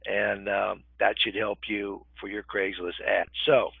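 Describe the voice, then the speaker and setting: An older man with a gravelly voice leads a live webinar in a relaxed, conversational way, pausing often to check in with his listeners. The audio is thin and phone-like. There is no room echo at all. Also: lowish voice. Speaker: real estate webinar instructor. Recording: tinny phone-line webinar audio, dry.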